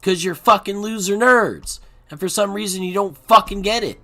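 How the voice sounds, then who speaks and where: A man ranting as a poker streamer, profane and combative. His voice runs a touch high and has a bright, forceful edge. He drops to grumbles and then bursts into shouts, with faint music behind him. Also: moderate pace, gravelly. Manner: profane, ranting, swings between mutters and shouting. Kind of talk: unscripted rant while playing online poker.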